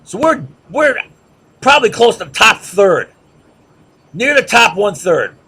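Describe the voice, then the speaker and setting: A man's voice: high voice, sing-song, unhurried, bright, forceful tone, husky. A man giving a rhetorical, sarcastic lecture, firing questions at listeners and mocking chants.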